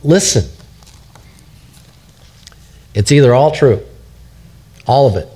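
A man's voice: medium pitch, lively intonation, normal speed, dark tone. A man preaching a sermon verse by verse in a conversational way, asking the congregation questions and repeating words as he builds a point. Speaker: pastor. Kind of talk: expository sermon.

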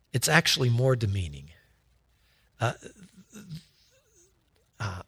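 Male pastor, sermon storyteller, bright tone, unhurried with frequent restarts. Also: mid-range voice. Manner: storytelling with asides, halting restarts.

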